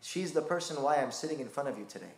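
A man's voice: medium pitch, animated, fast talker, a little mellow, reverberant. A man preaching a sermon, telling a personal story with passion. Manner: impassioned storytelling.

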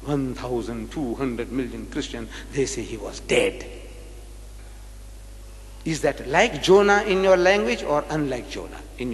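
An older man giving a public lecture, hammering home points with repeated rhetorical questions. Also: high-pitched. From South Africa. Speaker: religious debater. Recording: echoey hall recording.

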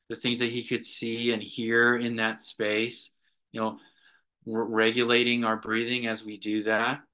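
A man's voice: medium pitch, sharp tone. A middle-aged man, a clinical director, earnestly recounting a therapy session to a group and often checking in with "right?".

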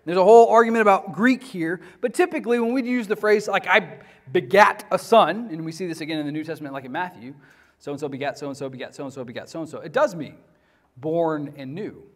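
High-voiced man teaching a class. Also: fairly quick. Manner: conversational, asks the class questions. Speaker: church history teacher. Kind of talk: classroom lecture.

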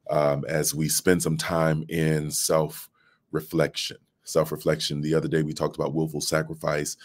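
Give me a man in his late thirties with a very low voice, a pastor talking to his online flock from his phone. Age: late 30s. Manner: warm preacher's cadence, calls to the audience. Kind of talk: livestreamed devotional talk. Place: office. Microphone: mobile phone.

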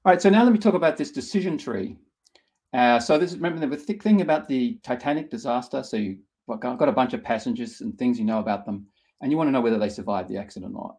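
A middle-aged man leads a live online workshop, explaining ideas patiently and step by step. His voice has a gravelly edge and sits at an ordinary middle pitch for a man. He trips over his words often, backing up and restarting his sentences as he thinks aloud. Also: fast talker, a little mellow. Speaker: workshop instructor.

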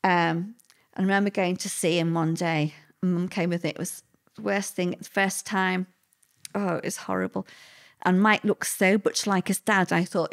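Older woman, halting and emotional. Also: lowish voice, steady tone. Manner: halting, emotional, many fillers and restarts. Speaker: guest. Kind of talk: personal interview recollection.

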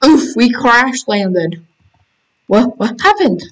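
Slow-talking excitable gamer woman. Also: fairly high pitch, low-quality recording. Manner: excitable, reads game text aloud, squeals in panic. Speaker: gaming channel host. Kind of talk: casual let's-play commentary.

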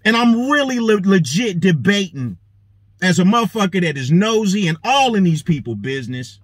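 A husky male voice that sits high carries this host's story at a moderate pace, with no room sound. Swearing heavily and full of energy, he acts out the dialogue of the people in his tale.

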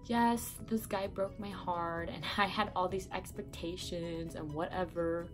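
With music underneath, a young woman speaks at a measured pace in a fairly low, steady voice. She's a vlogger in her bedroom giving offhand breakup advice, rambling along with plenty of fillers and self-corrections, and sounding a little sick and congested.

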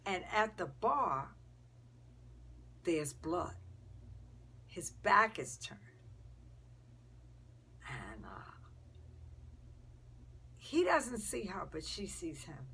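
A woman telling a story casually, dropping into breathy whispers and pausing with fillers. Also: on the low side, very animated, bright, forceful tone.

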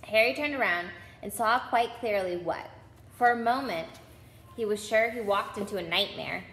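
A woman reading a children's novel aloud as a storyteller, with expressive, dramatic narration. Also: medium pitch, moderate pace. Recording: roomy with long reverb, faint hum.

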